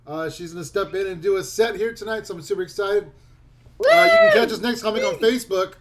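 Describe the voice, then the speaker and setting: A man's voice: high-pitched, big pitch swings, quick pace, noisy background. A man hosting an online comedy open mic, introducing comics with upbeat jokes.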